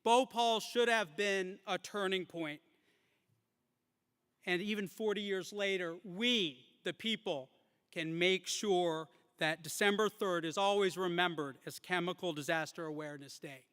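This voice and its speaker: A man's voice: sits high, a little slow, a bit bright, smooth. A man giving a rally speech that closes with an earnest, rousing call to action. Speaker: event speaker. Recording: reverberant hall.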